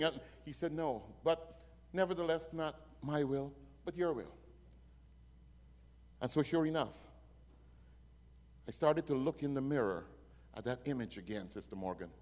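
A man preaching a sermon, telling stories dramatically and swinging from hushed lines to loud ones. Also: on the high side, expressive, normal speed, long pauses. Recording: long reverb of a hall.

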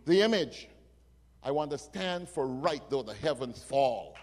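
A man preaching in a fairly high voice, moving between hushed and forceful lines as he tells his story. His words ring out with the long reverb of a church hall. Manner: dramatic storytelling, swings from hushed to loud. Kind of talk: sermon.

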